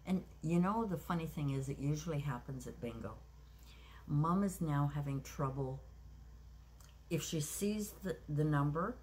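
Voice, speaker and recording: A woman in her sixties shares a personal story in a relaxed vlog. Her voice sits very low. Her delivery is reflective and halting, full of pauses and restarts, with a faint hiss behind it. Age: 60s. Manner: reflective, unhurried, with many um's and restarts. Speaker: craft vlogger.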